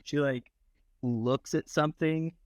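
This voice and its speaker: A man's voice: fairly high pitch, steady tone, unhurried, darkish tone. A man in his thirties, a podcast guest, telling a rambling anecdote in casual chat with lots of filler words. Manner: rambling anecdotal storytelling with many "like"s.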